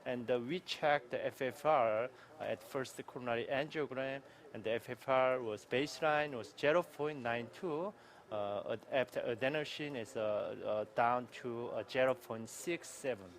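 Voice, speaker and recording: A man presenting a patient's history at a medical conference, reciting findings in a halting, list-like way with frequent fillers. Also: mid-range voice, slight background noise. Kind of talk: case presentation.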